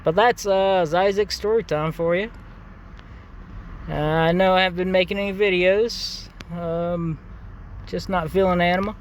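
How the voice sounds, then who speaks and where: A man with a drawl tells a story in a loose, easygoing way, swearing freely and pausing on fillers. His voice sits a little high for a man. Faint outdoor traffic hums behind him. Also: steady tone. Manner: profane, laid-back storytelling with many fillers. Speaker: gaming channel host. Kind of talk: casual anecdote.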